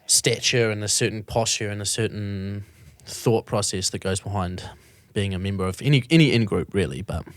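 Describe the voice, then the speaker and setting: A man's voice: lowish voice, moderate pace, hardly any pauses, no echo. A man, hosting a podcast in casual chat, talking in loose, rambling runs with restarts and the odd swear word. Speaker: podcast host.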